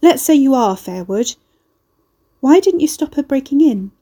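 A frazzled young woman at her wits' end, voiced by a woman pitched higher than the narration and louder. The timbre stays mellow and warm even while she is tense and exasperated. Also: moderate pace. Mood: incredulous. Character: stressed, broke young woman homeowner.

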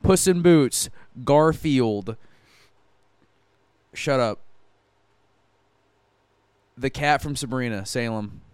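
A young man co-hosting a podcast, excitable and swearing as he teases his co-host. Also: mid-range voice, extremely slow, pauses often, smooth, no echo. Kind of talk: casual chat.

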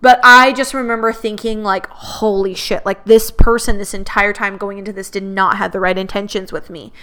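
A young adult woman telling a personal story in a candid, expressive way, swearing freely and quoting others in her own voice. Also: medium pitch, moderate pace, smooth. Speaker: podcast host. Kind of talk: casual storytelling.

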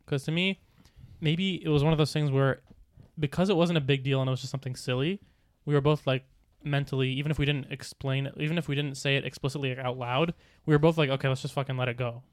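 Fast-talking young man, rambling casually. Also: on the high side, steady tone, no echo. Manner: fast, rambling storytelling with many fillers. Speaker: podcast co-host. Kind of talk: casual chat.

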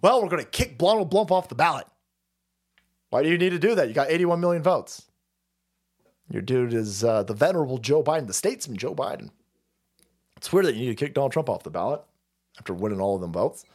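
A man hosting a stream, delivering a loud, profane, mocking political rant. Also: mid-range voice, expressive, fast talker, long pauses. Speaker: streamer host. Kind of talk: ranting political commentary stream.

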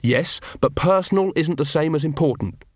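A man voicing an earnest young male watch corporal who speaks gently and steadily in an audiobook reading. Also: fairly high pitch, moderate pace, no echo, clean studio sound, natural voice. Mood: calm.

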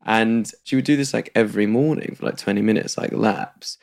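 A man's voice: fairly low pitch, fairly quick, vocal fry. A young man speaking as a podcast guest, chatty and self-deprecating, laughing lightly through sad personal stories. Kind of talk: candid personal conversation.

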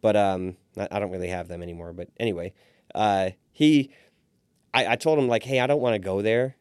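A man's voice: lowish voice, a little fast, clear, resonant tone, dry recording, clean studio sound. A man in his forties, a restaurant owner, telling his story as a podcast guest and acting out the voices of the people he quotes. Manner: animated storyteller who acts out quoted voices. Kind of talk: storytelling in a casual interview.

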